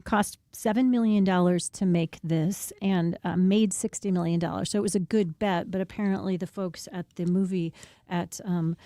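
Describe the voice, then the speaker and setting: A woman's voice: on the low side, fairly even intonation, normal speed, mellow, dry recording, studio quality. A woman from Iowa co-hosting a radio show in a chatty, thoughtful way. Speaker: radio co-host. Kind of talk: casual radio talk. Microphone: studio microphone.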